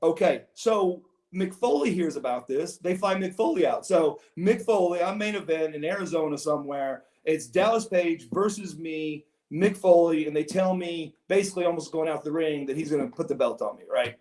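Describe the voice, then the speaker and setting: Brief: male podcast guest, rambling storyteller, high voice, roomy echo. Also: normal speed, hardly any pauses, a little mellow. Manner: meandering, repeats words, says "bro". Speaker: podcast guest, former pro wrestler.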